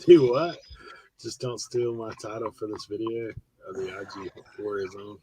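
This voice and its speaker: A man's voice: fairly low pitch, moderate pace, dark tone, breathy edge, low-quality recording. A man in a casual group chat, teasing his friends and laughing often.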